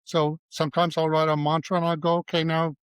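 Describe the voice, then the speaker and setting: A man's voice: on the high side, flat delivery, fast talker, clear, resonant tone, dry recording. Man telling anecdotes in dry close sound. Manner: anecdotal, acts out dialogue in quotes. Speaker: guest, advertising writer and creative director. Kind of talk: casual interview storytelling.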